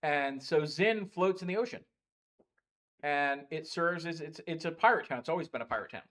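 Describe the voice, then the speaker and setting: A man's voice: fairly high pitch, moderate pace, fairly bright tone. A man acting as dungeon master, chatting casually on a livestream in a game store and rambling through game lore with lots of fillers.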